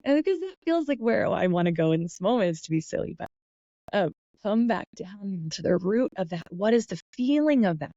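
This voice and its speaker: Mellow-voiced woman hosting a reflective podcast. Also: medium pitch, very animated, brisk, no echo, dull audio. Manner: soft, meandering, with frequent fillers and self-corrections. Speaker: podcast host. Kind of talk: reflective guided talk on manifesting.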